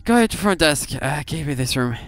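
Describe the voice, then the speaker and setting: Young guy doing a horror game playthrough, jumpy, swears a lot, smooth clean voice. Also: a little high, lively intonation, fairly quick, a bit bright. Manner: jumpy, swears and reads game text aloud. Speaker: gaming YouTuber. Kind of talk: horror game let's play commentary.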